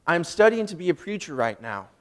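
A young man giving a personal faith testimony, emotional and swinging from hushed, drawn-out phrases to loud, emphatic ones. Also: on the high side, sing-song. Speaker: student speaker giving testimony.

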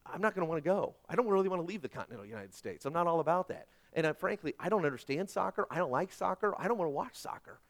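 A middle-aged pastor with a high-pitched voice preaches a sermon, animated and self-deprecating. He swings between loud asides and hushed points.

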